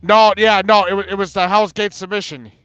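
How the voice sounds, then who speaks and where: A man's voice: high-pitched, a little fast, clear, resonant tone, dry recording, highs cut off. A man chatting casually on an online panel, telling stories animatedly and acting out what people said, often laughing. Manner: animated storyteller, acts out quotes, laughs often. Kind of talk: casual chat.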